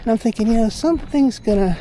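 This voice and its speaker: A man's voice: extremely high pitch, fast talker, warm tone. A man from Pennsylvania talking casually and ramblingly during an outdoor walking vlog, sharing his opinions. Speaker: vlogger.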